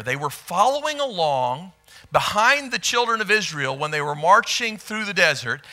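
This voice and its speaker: A man preaching a sermon as pastor, telling a story with lively asides and questions to the congregation. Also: a little high. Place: church sanctuary.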